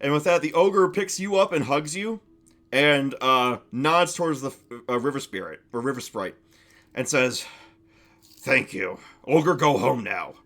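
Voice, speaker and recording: A man's voice: mid-range voice, expressive, moderate pace, fairly bright tone. A man narrating a tabletop game on his stream, casual and chatty, with lots of restarts.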